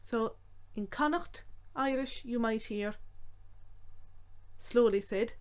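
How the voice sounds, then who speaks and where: A woman teaching Irish phrases, talking carefully and repeating each phrase slowly. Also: a little high, a little mellow. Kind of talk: slow, clear language lesson.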